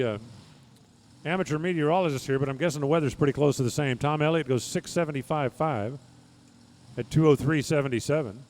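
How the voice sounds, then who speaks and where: A man's voice: mid-range voice, slight background noise. A man giving live drag racing commentary, reading times and speeds with folksy, joking asides.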